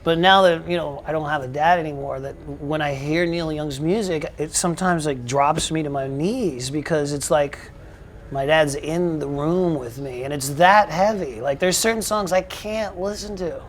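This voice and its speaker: Animated, swearing male rock singer. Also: on the high side, normal speed, a little hiss or hum. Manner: animated, swearing, rambling storytelling with restarts. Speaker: rock singer, interview guest. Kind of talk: casual interview.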